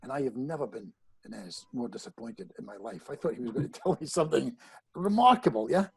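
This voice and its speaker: This is a hypnotist guesting on a podcast, his gravelly, medium-pitched voice running a little fast through a low-quality recording. He's an animated storyteller sharing a personal anecdote, restarting phrases often and speaking straight to the host.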